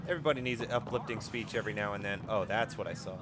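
A man's voice: lowish voice, racing, noisy background. Chatty man doing gaming commentary. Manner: chatty, reads game text aloud with stumbles. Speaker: let's play host.

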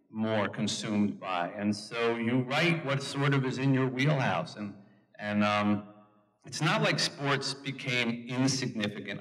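A middle-aged man, an author, telling anecdotes with jokes and voices in an audience Q&A at a large event hall. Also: medium pitch. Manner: animated storyteller, jokes and mimics others. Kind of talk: storytelling answers in an audience Q&A. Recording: long hall reverb.

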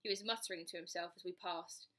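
A woman's voice: on the low side, fairly even intonation, fast talker, a bit bright. A woman reading a children's storybook aloud, narrating in the first person with expression. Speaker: storybook reader.

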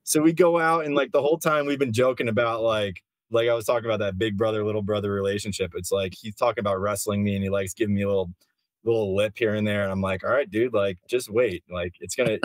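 A man's voice: on the low side, dry recording. A man from a film crew telling a loose, rambling story in casual chat, with lots of filler words.

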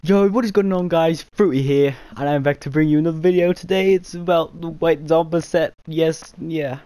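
A man impersonating a hyped young male gaming YouTuber with loud, rushed intro patter, raised above his own voice. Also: on the high side, steady tone, no echo, pitched above the performer's own voice, close to an everyday voice.

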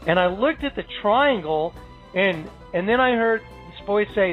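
A man recounting a personal experience as dramatic, halting testimony, full of restarts and pauses. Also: high voice, lively intonation. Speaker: storyteller. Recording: slightly dull recording with faint music.

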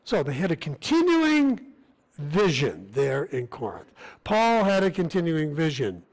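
Guy preaching in church, higher voice, earnest and chatty, stumbles and restarts. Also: huge pitch swings, measured pace, rough recording. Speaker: missionary preacher. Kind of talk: sermon. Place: church sanctuary.

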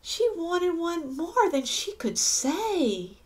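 A woman reads a children's picture book aloud in an unhurried, high voice. Her pitch swoops up and down as she lingers over each line. She breaks off for gasps and small asides to her listeners. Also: big pitch swings. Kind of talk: read-aloud storytelling.

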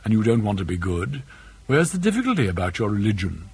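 A man reading an audiobook and voicing an earnest, skeptical young male student who talks in a questioning, measured way with a husky voice. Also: fairly low pitch, big pitch swings, a little mellow, dry recording, voice pushed down, full character voice.

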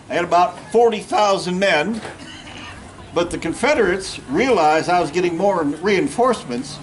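A man's voice: high voice, slight background noise, rough recording. A man playing a folksy Civil War general. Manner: folksy storytelling, jokes with the audience. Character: Civil War Union general, middle-aged, plainspoken. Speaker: historical reenactor. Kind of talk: first-person living history talk. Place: outdoor history event in a park.

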